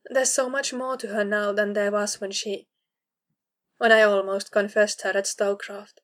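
A woman narrator voicing a young woman confessor who confides quietly, in a hushed, conflicted way. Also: mid-range voice, little pitch movement, a little slow, natural voice. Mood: hushed, confessing.

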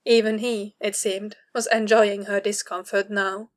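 Woman reading a story at an even pace. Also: medium pitch, a little slow. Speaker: narrator. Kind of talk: audiobook reading of fan fiction.

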